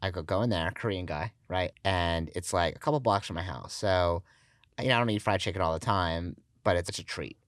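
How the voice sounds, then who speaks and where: A man's voice: sits low, fairly quick, a bit bright, no echo, studio quality. A man hosting a podcast, telling stories in casual conversation with lots of "like" fillers. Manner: storytelling, filler-heavy with frequent "like". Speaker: podcast host.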